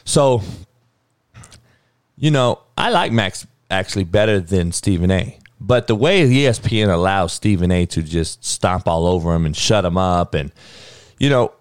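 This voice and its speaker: Heated male podcast host with a lowish voice: blunt, profane opinion rant with a dry, close sound. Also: no room sound.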